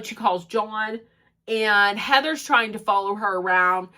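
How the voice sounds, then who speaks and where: A woman's voice: mid-range voice, a little slow. A woman recapping a reality show episode in a gossipy, casual way, acting out the cast's quotes, with a stuffed-up nose. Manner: gossipy, acts out quotes in animated voices. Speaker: recap commentator.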